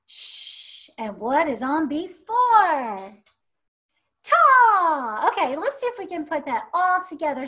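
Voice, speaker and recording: A woman's voice: sits high, fairly bright tone. A woman teaching a first-grade music class, upbeat and encouraging, chanting rhythm syllables and counting children in.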